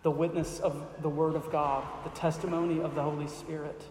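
A man's voice: fairly high pitch, flat delivery, moderate pace, few pauses, a little mellow, slight background noise. A man pastor preaching an earnest sermon to his church and closing in prayer. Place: church hall. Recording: echoey hall with long reverb.

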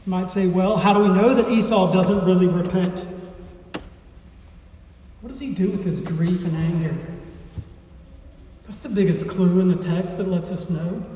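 Earnest preacher, high voice, echoing hall. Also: male voice, fairly even intonation, mellow, slight background noise. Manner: earnest, emphatic preaching with dramatic pauses. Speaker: pastor. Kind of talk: sermon with scripture reading. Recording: echoey hall, voice from far off.

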